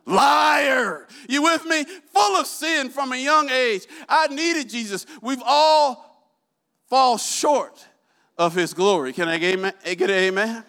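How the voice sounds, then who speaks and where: A man's voice: very high-pitched, slow pace, gravelly, pushed and bright. A man preaching a sermon, constantly calling out to the congregation with questions and asking for amens. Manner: call-and-response, asks the congregation questions.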